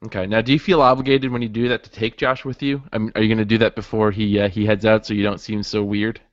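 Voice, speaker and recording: Male podcast co-host, casual and halting, dry dull recording. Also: lowish voice, little pitch movement, dry recording. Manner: chatty, laughs easily, halting with many restarts. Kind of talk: casual chat. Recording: dull lo-fi audio.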